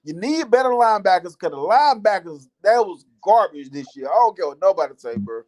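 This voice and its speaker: A man's voice: high-pitched, sing-song, a little fast, a little mellow. A man co-hosting casual sports talk, blunt and emphatic, slangy.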